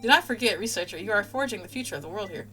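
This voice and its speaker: A woman's voice: medium pitch, lively intonation, bright, forceful tone, husky, soft background music. A woman voicing a cheerful female lab AI assistant who talks in a chipper, clinical way. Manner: chipper, clinical, briskly upbeat.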